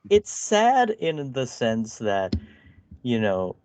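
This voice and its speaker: A man's voice: medium pitch, wildly swooping pitch, takes it slowly, darkish tone, no echo. A man co-hosting a podcast, trading crude jokes and mocking impressions, laughing often. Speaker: podcast co-host. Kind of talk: casual comedic commentary.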